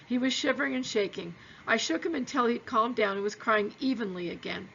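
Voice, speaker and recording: A woman teacher reading a novel aloud to her students in a steady storytelling way. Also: on the high side, a little fast, vocal fry, few pauses, highs cut off, slight background noise.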